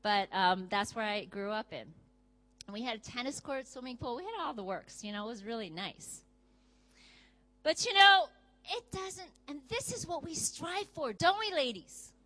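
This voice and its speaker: A middle-aged woman delivers a lively sermon to a room of women. Her voice sits high and bright and leaps wildly up and down. She slips into playful acted-out inner voices to make her point. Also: moderate pace, rough recording. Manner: animated, acts out inner voices with sudden loud jumps. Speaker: preacher.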